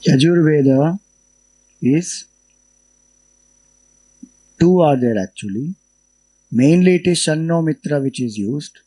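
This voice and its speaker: A man with an Indian English accent giving an unhurried scriptural lecture, explaining Vedic chants as a spiritual teacher. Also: on the high side, expressive, mellow, low-quality recording.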